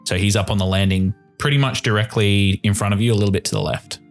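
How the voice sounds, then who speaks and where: Low-pitched male game master, relaxed scene narration, faint music under. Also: quick pace. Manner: descriptive, relaxed narration with fillers.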